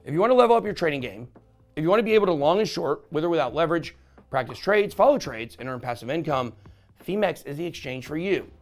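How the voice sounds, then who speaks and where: A man's voice: on the high side, animated, fast. A man hosting a crypto channel, giving an upbeat, salesy sponsored review.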